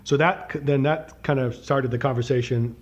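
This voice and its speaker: A man's voice: medium pitch, fairly even intonation, moderate pace, muffled recording. A man co-hosting a podcast, talking in a chatty, conversational way. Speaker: podcast co-host. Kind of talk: casual chat.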